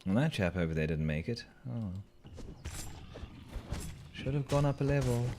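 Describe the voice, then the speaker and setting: A man's voice: medium pitch, expressive, normal speed, background noise. A man chatting playfully through a game as a let's-play host, joking with the creatures on screen. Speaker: gaming channel host.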